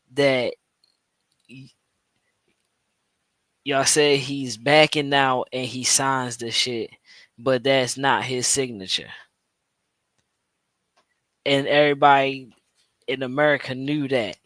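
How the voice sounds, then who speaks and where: A man's voice: medium pitch, fairly bright tone, no room sound. A man hosting a podcast, reacting to a played clip in casual, slangy commentary full of restarts and repetition. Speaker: podcast host.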